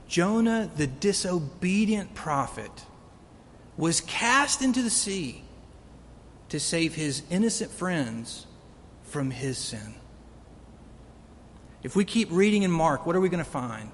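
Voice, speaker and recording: A man's voice: sing-song, slow pace, long pauses. A man preaching a sermon earnestly, building to emphatic peaks. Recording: long reverb of a hall, faint rumble.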